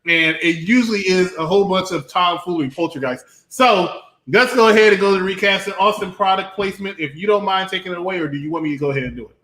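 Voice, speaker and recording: A man's voice: high voice, fast talker, pushed and bright. A man hosting a casual movie-review podcast, introducing segments in an emcee-like way. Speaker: podcast host leading segments. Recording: roomy echo.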